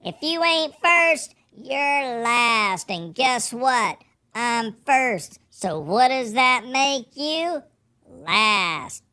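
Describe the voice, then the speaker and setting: A man's voice: extremely high pitch, expressive, drawn-out words, bright, forceful tone, pitched above the performer's own voice, heavily acted. A man doing a cocky bragging salesman. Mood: taunting. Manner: boastful, swaggering.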